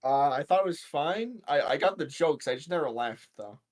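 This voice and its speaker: A man from Canada on a podcast panel, giving short, dry, deadpan replies in casual chat. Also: on the high side, moderate pace.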